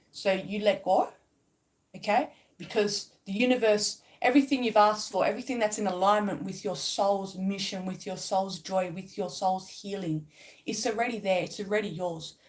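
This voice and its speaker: A woman's voice: mid-range voice, moderate pace. Woman giving a swearing spiritual pep talk. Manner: emphatic, repetitive, swears casually. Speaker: spiritual vlogger.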